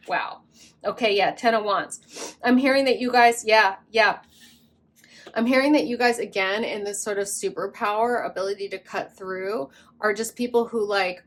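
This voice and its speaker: Gushing woman giving a tarot reading. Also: mid-range voice. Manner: gushing, effusive, many fillers. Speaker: tarot reader. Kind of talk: casual tarot reading to camera.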